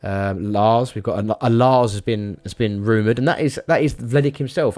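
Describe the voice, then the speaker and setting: Rambling low-voiced man streaming. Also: moderate pace, hardly any pauses, darkish tone. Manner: rambling, stammering, swears casually. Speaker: live streamer. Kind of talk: casual live-stream chat.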